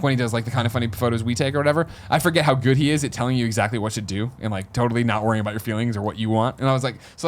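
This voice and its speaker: A man's voice: a little high, fairly bright tone. A man in his thirties hosting a podcast, telling a story casually and acting out the voices of the people in it. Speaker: podcast host.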